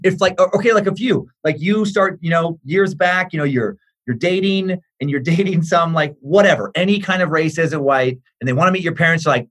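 A man's voice: on the high side, fairly quick, hardly any pauses, a bit bright. A man, a comedian guest on a podcast, riffing in an opinionated, profane way with many fillers. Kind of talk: casual podcast chat.

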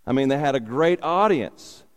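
A man's voice: mid-range voice, animated, normal speed. A man preaching a sermon as a pastor, repeating key phrases for emphasis and asking rhetorical questions. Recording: long hall reverb.

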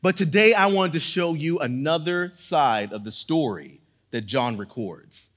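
An earnest male pastor delivering a sermon, his voice sitting a bit higher than most men's. He preaches with emphasis, driving home points by repeating phrases, and moves from a quiet prayer into teaching. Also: expressive, unhurried.

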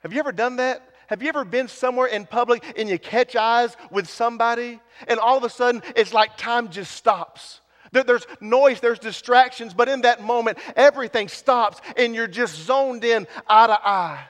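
A man's voice: extremely high pitch, normal speed, a bit bright. A man preaching a sermon, building with repeated phrases and dropping to near whispers. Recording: long hall reverb.

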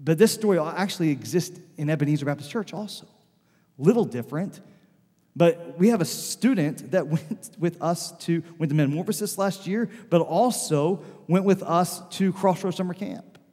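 A man's voice: a little high, normal speed, warm tone, slightly rough. A male pastor telling stories in a loose, conversational sermon before his congregation. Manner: conversational, loose storytelling with frequent "like". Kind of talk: storytelling sermon. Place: church sanctuary before a congregation. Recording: long church hall reverb.

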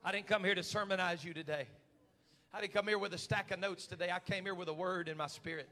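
A male pastor, preaching a fervent sermon to his church and swinging between loud shouted calls and quiet, close prayer. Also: sits high, fairly even intonation, quick pace. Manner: preaching with rising shouted fervor. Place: church sanctuary.

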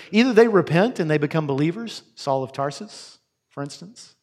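A man preaching a sermon, telling the story vividly and acting out the characters' lines in changing voices. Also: on the high side. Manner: animated storyteller who acts out the characters' lines. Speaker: pastor. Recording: long reverb of a large hall.

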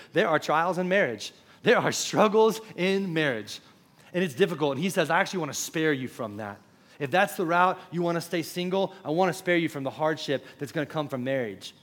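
Young pastor preaching. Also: male voice, on the high side, a bit bright. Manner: conversational preaching, quick asides to the congregation. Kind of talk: sermon. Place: church auditorium.

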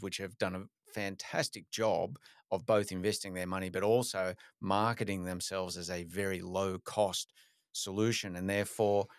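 A man's voice: sits low, a bit bright, smooth, no echo, studio quality. A man hosting a podcast, asking long conversational questions. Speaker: podcast host. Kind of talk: interview questions.

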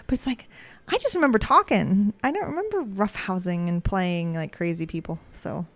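A woman's voice: medium pitch, moderate pace. A woman in her thirties co-hosting a podcast, chatting casually and laughing often as she tells stories. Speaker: podcast co-host. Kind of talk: casual chat.

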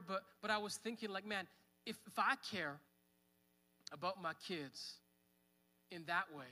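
A man's voice: sits high, pushed and bright, big-room sound. A man in his thirties preaching a sermon at church, conversational, with fillers. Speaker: pastor. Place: church hall.

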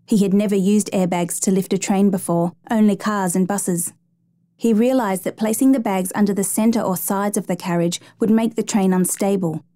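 A woman reading a true rescue story aloud in steady, measured scripted narration, lightly voicing the quoted lines. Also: medium pitch, no room sound.

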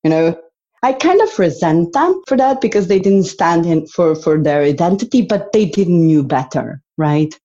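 Mellow-voiced woman from Slovenia. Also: lowish voice, sing-song, normal speed, muffled recording. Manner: earnest, reflective, with restarts. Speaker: interview guest, entrepreneur. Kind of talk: casual conversation.

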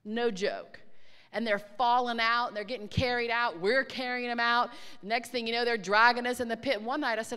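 A woman sharing a ministry testimony in an excitable way, swinging from hushed tones to shouts. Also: fairly high pitch, normal speed, clear, resonant tone, long reverb tail. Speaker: ministry speaker. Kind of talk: animated testimony storytelling.

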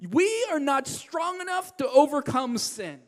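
A man preaching a sermon as pastor, swinging from loud emphatic lines to hushed, quiet ones. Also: very high-pitched, animated, measured pace. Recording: long hall reverb.

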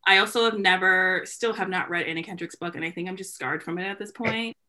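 A woman's voice: lowish voice, quick pace, sharp tone. A young adult woman in casual podcast chat, rambling with casual slang.

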